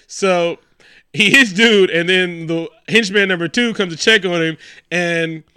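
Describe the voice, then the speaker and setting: Man, movie podcast co-host, rambling and profane, smooth clear voice, close dry mic. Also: sits high, measured pace, bright, forceful tone, no room sound. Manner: rambling, laughing, profane, acts out characters. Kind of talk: casual movie review chat.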